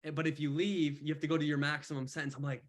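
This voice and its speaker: A young man mentoring on an online call, telling his story in casual, animated talk full of slang. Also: on the high side, very fast. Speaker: mentor speaker.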